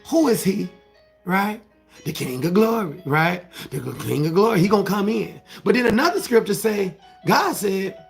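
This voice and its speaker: A man's voice: high-pitched, lively intonation, normal speed, gravelly, soft background music. A man coaching his viewers through scripture in an emphatic, repetitive, preacher-like cadence, asking questions and answering them himself. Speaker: life coach. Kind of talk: motivational scripture talk to viewers.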